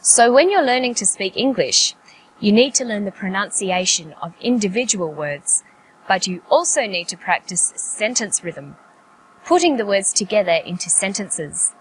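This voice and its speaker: A woman narrating an English pronunciation lesson in a clear, careful, explanatory way. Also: medium pitch, animated, normal speed, a little hiss or hum, poor audio. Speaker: English teacher.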